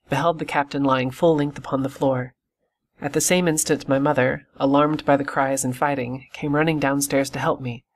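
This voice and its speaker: A man reading an audiobook in steady, measured scripted narration. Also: fairly high pitch. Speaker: audiobook reader.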